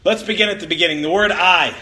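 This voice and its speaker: A man's voice: high-pitched, fast, sharp tone. A man preaching a sermon, telling playful stories and acting out quotes with big jumps in his voice. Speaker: pastor.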